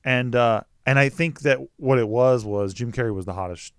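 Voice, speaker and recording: A man in his thirties talking movies in casual podcast chat, animated and swearing freely, often breaking into mock quotes. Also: medium pitch, normal speed, clear, resonant tone, no room sound, studio quality. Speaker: podcast guest, Batman historian.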